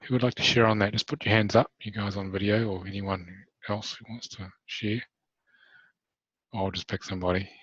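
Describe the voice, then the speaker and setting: A man hosting a healing webinar, gently guiding listeners through a meditation and then inviting them to share. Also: on the low side, fairly even intonation, husky, dry recording. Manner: slow soothing guidance, asks participants to share. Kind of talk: guided meditation and group feedback. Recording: dull lo-fi webinar audio.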